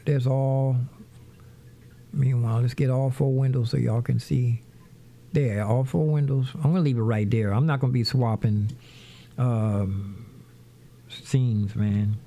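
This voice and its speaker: A middle-aged man hosting a casual livestream from his home studio, rambling to his viewers while he sets up music software. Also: medium pitch, fairly even intonation, measured pace, long pauses. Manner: rambling, talks to viewers as "y'all".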